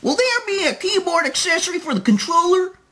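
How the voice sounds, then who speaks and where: A man putting on a high, squeaky falsetto to read a dim-witted male blogger's comments out loud as a mocking parody. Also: big pitch swings, fairly quick, full character voice. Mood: whiny mocking.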